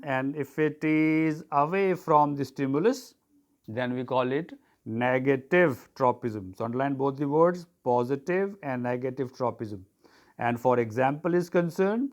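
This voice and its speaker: A man teaching an online biology lesson, dictating terms for students to write down and spelling them out. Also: mid-range voice.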